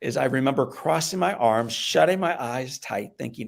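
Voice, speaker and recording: Gravelly-voiced man telling a dramatic story. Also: medium pitch, moderate pace. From American Midwest. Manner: animated, swings between loud outbursts and hushed tones. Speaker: guest speaker.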